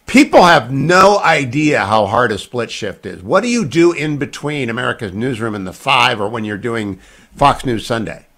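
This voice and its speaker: A man's voice: medium pitch, big pitch swings, normal speed, a bit bright. A man in his sixties hosting a radio talk show, joking and bantering with his guests. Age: 60s. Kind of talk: casual radio interview.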